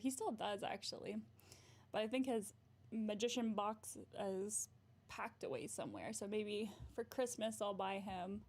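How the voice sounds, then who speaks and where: A woman's voice: medium pitch, gravelly, a little mellow. A woman therapist hosting a casual livestream, chatting in a bubbly way, often giggling and answering her viewers' comments.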